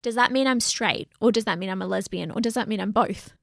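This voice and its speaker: A woman co-hosting a relaxed podcast, speaking earnestly and with plenty of animation. Her voice carries a gravelly, fry-laden edge. The recording is dry and close, with no room sound. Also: medium pitch, fast, no room sound. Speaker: podcast co-host. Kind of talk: casual podcast chat.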